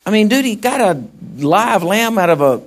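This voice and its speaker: A man's voice: sits high, very animated, normal speed. A man preaching a sermon in a folksy way, with asides to the congregation. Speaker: pastor.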